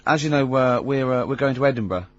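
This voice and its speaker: A man's voice: medium pitch, quick pace, no room sound. A man hosting a comedy radio show, mocking and storytelling with lots of giggling. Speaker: radio host. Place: radio studio. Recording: slightly dull radio studio sound.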